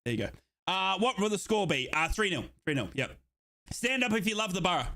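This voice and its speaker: Excitable Australian man hosting a watchalong. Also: sits high, brisk. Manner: excitable and chatty, bursts into shouted hype. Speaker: watchalong streamer host. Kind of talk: live football watchalong commentary, reading chat aloud.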